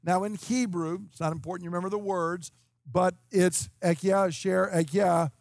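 Emphatic high-voiced preacher man in his fifties. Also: steady tone, moderate pace, dry recording, studio quality. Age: 50s. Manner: emphatic, explanatory, checks in with "okay?". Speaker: preacher teaching scripture. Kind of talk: expository sermon.

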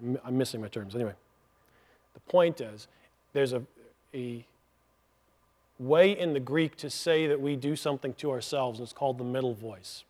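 A man's voice: medium pitch, moderate pace, pauses often, darkish tone. Man preaching an earnest teaching sermon. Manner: earnest teaching, explaining step by step with asides. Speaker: pastor.

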